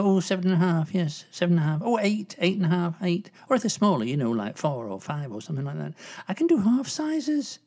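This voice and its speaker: A woman's voice: mid-range voice, mellow, breathy edge. A woman playing a gossipy older woman agony aunt in a comedy sketch, rambling with lots of asides. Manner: rambling, full of "you know" and asides.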